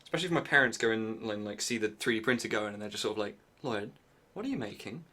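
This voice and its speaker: A man's voice: fairly low pitch, rapid-fire, sharp tone. A young man live streaming while he builds something, chatting casually with crude, self-deprecating jokes and muttering to himself as he works.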